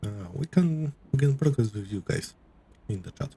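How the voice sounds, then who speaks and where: A man streaming a game live, chatting to his viewers in a rambling, halting way. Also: mid-range voice, expressive, mellow, slight background noise.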